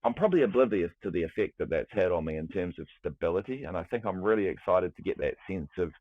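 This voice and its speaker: Deep new guy, rambly and animated, sounds like a dry phone line. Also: fast, dry recording. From New Zealand. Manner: animated, rambling with restarts, swears freely. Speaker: guest, music producer. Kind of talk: casual chat.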